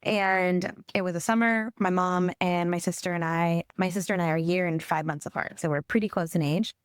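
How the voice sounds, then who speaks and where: A woman's voice: fairly low pitch, fairly even intonation, fairly quick, clear, resonant tone, no echo. Woman guest, casual, says like a lot, dry close sound. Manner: says "like" and "right?" often. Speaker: grief program coordinator, guest. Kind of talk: casual storytelling and explaining.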